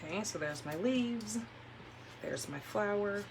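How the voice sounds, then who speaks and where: A woman's voice: mid-range voice, lively intonation, a little slow, gravelly, noisy background. A woman from California hosting a crafting livestream from a room at home, chatting casually and telling rambling stories while she works. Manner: chatty, rambling storyteller who laughs easily. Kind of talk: casual chat while demonstrating paper crafts.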